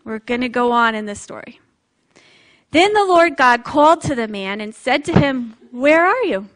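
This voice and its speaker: A woman's voice: fairly high pitch, expressive, moderate pace. A woman preacher giving a sermon in a conversational, reflective way, with light laughs.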